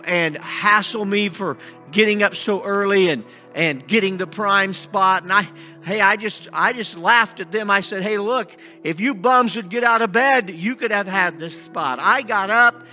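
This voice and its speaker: A man acting out a scheming blind beggar in a first-person sermon monologue, halting and restarting often, with faint music behind him. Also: high voice. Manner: halting with many restarts, shouting out pleas. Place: church sanctuary.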